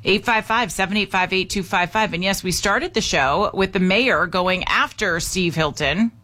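Bright-voiced woman hosting talk radio. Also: mid-range voice, moderate pace. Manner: chatty, opinionated, repeats call-in number. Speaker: radio talk show host.

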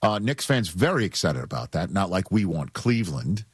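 A sports radio host with a New York accent and a low, slightly husky voice. He talks with lively swings in pitch and drives his arguments home by repeating them. The sound is dry and close, in a studio. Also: normal speed, dry recording. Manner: emphatic, repeats points for effect. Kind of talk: sports talk radio banter.

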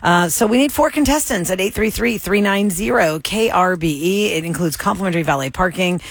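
A man's voice: high-pitched, brisk, fairly bright tone, dry recording, clean studio sound. A man hosting a morning radio show, chatting and reading out promos in an upbeat way. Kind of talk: morning radio talk and announcements. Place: radio studio.

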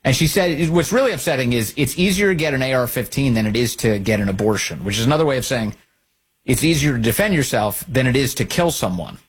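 A man hosting a political talk show, giving combative, sarcastic commentary with a husky voice. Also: medium pitch, fast. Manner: combative, sarcastic, lively intonation. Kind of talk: opinionated commentary.

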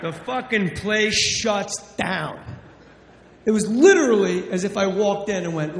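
A man's voice: high voice, lively intonation, a little slow. A brash, profane male stand-up comedian from New Jersey telling a story. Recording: echoey live hall.

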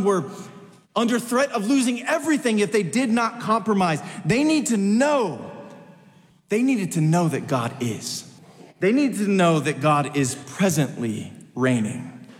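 Emphatic preacher in a reverberant hall. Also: male voice. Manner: emphatic, swings between rising high urgency and low drops; repeats phrases for emphasis. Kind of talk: sermon.

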